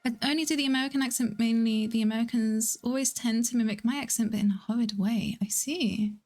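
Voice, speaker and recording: A woman's voice: on the high side, steady tone, fast, darkish tone. A young woman chatting casually on a livestream, reading viewers' messages aloud and answering them. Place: at home.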